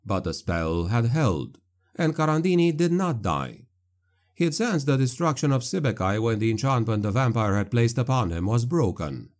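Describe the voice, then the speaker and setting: A man narrating a dark fantasy audiobook in a measured, grave manner. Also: medium pitch, animated.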